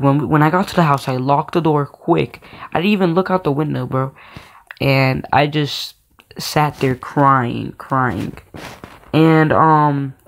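A man telling a personal story in a casual, slangy, rambling way, with many fillers and restarts. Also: a little high. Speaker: storytime vlogger.

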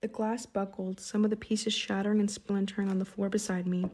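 A woman reading an audiobook in the first person, with tense, steady storytelling. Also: medium pitch, brisk, husky. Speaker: audiobook narrator.

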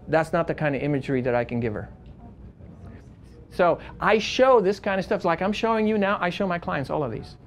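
A man's voice: sits high, a little hiss or hum. A man, a wedding photographer, teaching a live workshop to a room full of people, speaking with passion and emphasis. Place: room with an audience.

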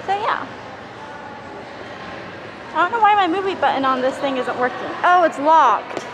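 Woman, high voice, casual vlog, chatty, rambling, handheld camera outdoors. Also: animated, normal speed, background noise. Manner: chatty and rambling, laughs often. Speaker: service dog handler vlogger. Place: outdoors at a park, later indoors at a mall. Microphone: handheld camera with wind muff.

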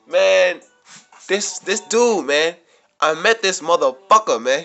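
A man with a bright, forceful, fairly high voice tells his story in a loose, rambling vlog monologue. He swears constantly, circles back over the same phrases, and gets louder and more worked up. Faint music plays behind him. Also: animated, takes it slowly, creaky. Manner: rambling, profane, repeats himself, gets worked up. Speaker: vlogger. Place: New York City.

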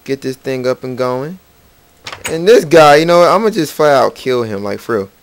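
A man with an expressive, medium-pitched voice speaks at normal speed while narrating his gameplay. He hosts a gaming channel, and his casual let's play commentary rambles playfully, including remarks to the game's characters, over faint game music.

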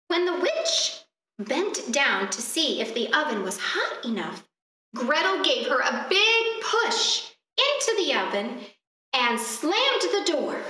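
The distant, echoey recording captures a woman at a library storytime, expressively reading a fairy tale and asking the kids questions. She has a high voice and a slow pace.

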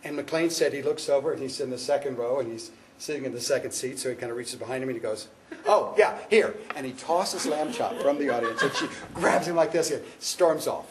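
A man telling a backstage anecdote in a casual, lively way, acting out the quotes as he goes, at a photo shoot. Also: medium pitch, brisk, hardly any pauses, background noise. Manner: lively storyteller, acts out quotes. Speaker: ventriloquist telling a backstage story.

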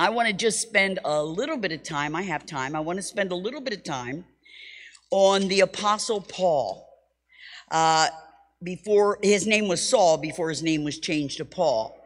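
A woman Bible teacher giving a teaching sermon, reading scripture dramatically and telling lively stories with humorous asides. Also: lowish voice. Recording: long hall reverb.

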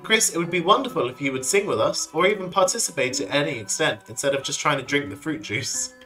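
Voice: medium pitch, lively intonation, fast, sharp tone, faint music behind. A streamer voicing a kindly, formal priest from a video game, speaking in an earnest, imploring way.

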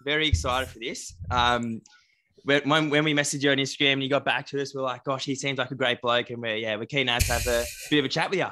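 A young Australian man with a mid-pitched, bright and crisp voice. He hosts in an upbeat way, often pausing with little fillers as he goes. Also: steady tone. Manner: upbeat, a bit halting, fills with um. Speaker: podcast co-host. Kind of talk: casual podcast chat.

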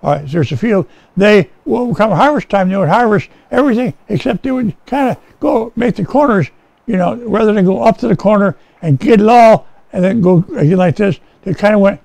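Speaking fairly quickly, a pastor with a high, animated voice, vocal fry, and a darkish tone gives an informal Bible sermon in a rescue mission chapel. He's folksy, asks listeners "okay?" frequently, and restarts many times. The recording is rough, with no echo.

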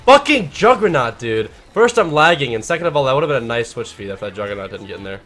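A man giving live, profane gameplay commentary, mostly laid-back and mumbling, bursting into shouts at big plays. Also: mid-range voice, sing-song, fast talker. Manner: profane, swears constantly. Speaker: gaming channel host.

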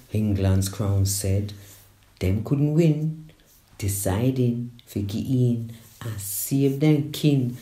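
A woman with a Jamaican accent reciting a dramatic poem, slow and emphatic, mixing patois and English. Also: extremely low pitch, mellow, reverberant. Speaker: poet.

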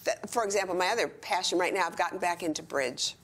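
A woman's voice: lowish voice, a bit bright. An older woman chatting enthusiastically as an interview guest in a retirement community. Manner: chatty and enthusiastic, quick bursts. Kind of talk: casual chat.

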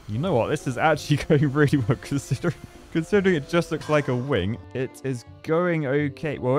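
Guy, young, casual game commentary, jokey and self-mocking, mid pitch, light music behind. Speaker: gaming YouTuber.

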